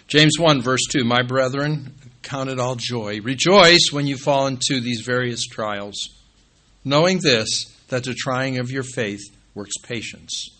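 Man preaching a sermon, bright ringing tone, surges to emphatic peaks, quiet low asides for verse numbers. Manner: rises to emphatic peaks, drops low and quiet when calling out scripture references. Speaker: pastor.

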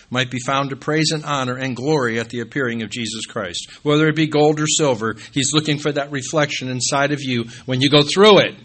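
A man preaching a sermon as pastor. He rises to emphatic peaks, then drops low and quiet when he calls out scripture references.

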